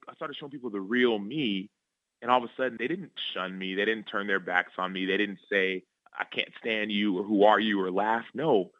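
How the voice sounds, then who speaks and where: A low-voiced man tells personal stories in an earnest, animated way, often checking in with the listener. His voice comes through dry and slightly muffled, like a radio studio with no room echo. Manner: earnest, animated, repeats "right?". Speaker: guest, former football player and author. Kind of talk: interview storytelling.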